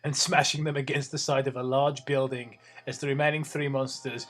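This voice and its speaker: A man's voice: mid-range voice, level tone, a little fast, fairly bright tone. A man reading a story aloud for laughs, stumbling over words and breaking off for sarcastic asides. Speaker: reader and host. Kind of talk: comedic reading with banter.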